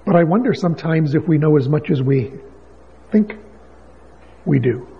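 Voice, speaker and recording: Husky-voiced pastor in a reverberant hall. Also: male voice, a little high, lively intonation, moderate pace. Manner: conversational storyteller, rises to emphatic questions. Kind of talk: sermon with storytelling. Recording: dull lo-fi sound with long hall reverb.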